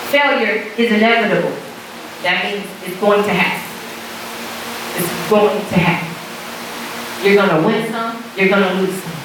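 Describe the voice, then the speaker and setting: A woman's voice: mid-range voice, noisy background. A woman giving a storytelling motivational speech, drawing call-and-response from her audience. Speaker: motivational speaker. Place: church hall. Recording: echoey church hall from far off.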